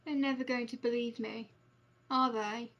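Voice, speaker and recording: A woman reading aloud the lines of a frightened, tired young woman accused of murder, soft and hesitant. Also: steady tone, normal speed, lo-fi sound, close to an everyday voice. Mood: weary. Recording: noisy low-quality mic.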